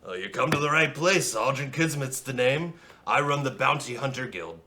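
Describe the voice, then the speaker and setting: A man putting on a flamboyant, boastful bounty guild boss in a tabletop fantasy game, pitched a little higher than plain talk with a bright, forceful edge. He is jovial and chummy, slangy and brash. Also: expressive, moderate pace, a little hiss or hum.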